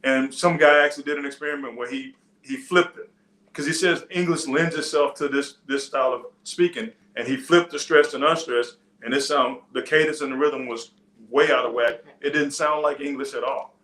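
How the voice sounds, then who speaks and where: A man's voice: medium pitch, steady tone, normal speed, a bit bright, reverberant. A man preaching a sermon in a loose, conversational teaching style, with frequent restarts and side stories. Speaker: pastor. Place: church.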